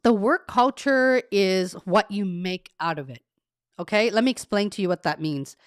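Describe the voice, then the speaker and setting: A woman hosting a casual career-coaching live stream, talking straight to her viewers in a friendly, rambling way. She reads their comments aloud and laughs at herself as she goes. Her voice sits at a middle pitch, recorded close and dry with no room echo. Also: normal speed, clear, resonant tone. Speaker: career coach and livestream host. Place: carpeted home room treated to cut echo.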